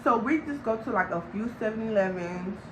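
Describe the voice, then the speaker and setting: A young woman from Long Beach, telling a storytime vlog in an animated, slangy way and talking straight to viewers. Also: medium pitch, fairly quick, noisy background. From Long Beach, California. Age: young adult. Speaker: vlogger.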